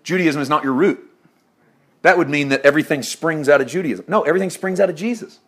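A man preaching a sermon, swinging from loud exclaiming to hushed, intimate tones, often laughing as he talks. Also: on the high side, fast talker, husky.

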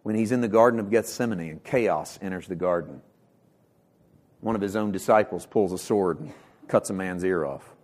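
Impassioned male pastor preaching. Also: fairly low pitch. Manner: impassioned preaching with sharp swings from loud to hushed; repeats words when building emphasis. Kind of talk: sermon.

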